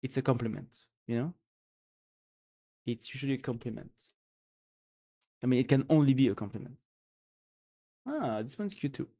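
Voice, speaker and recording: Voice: medium pitch, animated, moderate pace, vocal fry, pauses often, mellow. A streamer from France, speaking English with a French accent and French as their first language, chatting playfully with viewers late at night while tired. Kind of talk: casual late-night live-stream chat.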